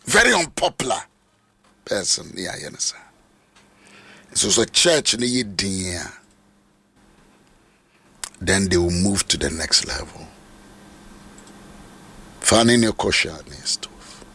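A Ghanaian man preaching a sermon, shouting and sing-song, repeating phrases over and over. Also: sits low, lively intonation, slow pace, long pauses, husky.

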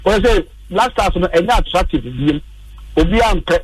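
A man's voice: sits high, animated, moderate pace, slightly rough, no echo, distant mic, poor audio. A man with a Ghanaian accent giving passionate, urging sports commentary on a radio show. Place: radio studio.

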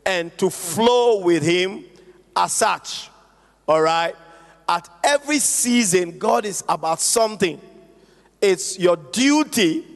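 A man preaching a sermon to a congregation, calling for responses and stretching out key phrases. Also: sits high. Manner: call-and-response preaching, drawn-out emphatic phrases. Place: church hall. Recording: echoey hall with long reverb.

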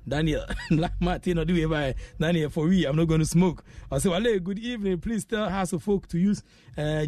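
A man's voice: a little high, dark tone. A man with a Ghanaian accent hosting a radio sports show, reading out listener messages in a chatty way and dropping in local phrases. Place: radio studio.

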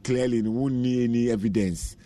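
A Ghanaian man speaking as a guest on a radio show in a relaxed, chatty way. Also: medium pitch, fairly quick, dry recording. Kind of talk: casual radio interview.

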